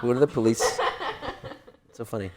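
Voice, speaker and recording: A man co-hosting a podcast in casual chat, easily exasperated and pushing back when he argues. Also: heavy background noise. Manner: exasperated, quick to rise in pitch when arguing. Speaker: podcast co-host.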